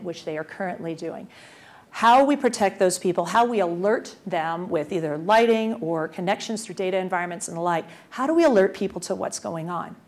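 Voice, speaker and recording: Brief: an energetic woman presenting at a conference, asking the audience questions, medium-pitched voice. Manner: energetic, uses rhetorical questions. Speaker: conference speaker, transportation official.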